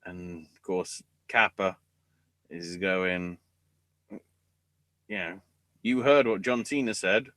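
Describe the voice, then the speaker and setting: A man hosting a wrestling podcast, talking casually with sarcasm and swearing, and acting out quotes in loud bursts. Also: sits low, fairly even intonation, slow, pauses often, dry recording.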